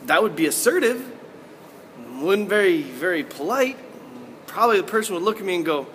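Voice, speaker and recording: A man giving morning announcements to primary school pupils, playful and animated, acting out examples. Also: high-pitched, fast, long reverb tail, a little hiss or hum.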